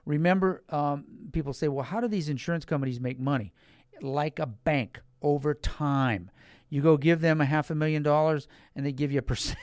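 This male financial advisor has a slightly mellow voice that sits on the high side, and he talks directly to his audience. He explains financial products like a folksy salesman, going over his points again and again and stressing key words. The studio recording is clean and echo-free.

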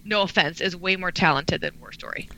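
A woman co-hosts a relaxed radio show with a bright voice. She is bubbly and opinionated, and she fills her talk with "like". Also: on the low side, a little fast, gravelly, rough recording. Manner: bubbly, opinionated, says "like" a lot. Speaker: radio co-host. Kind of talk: casual radio chat.

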